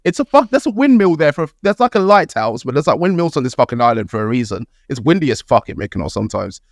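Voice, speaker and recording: Young british guy on a podcast, dry close sound, animated story, cursing a lot. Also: medium pitch, fast talker, creaky, dry recording. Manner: animated, swears freely, laughs mid-story. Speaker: podcast co-host. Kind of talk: casual storytelling.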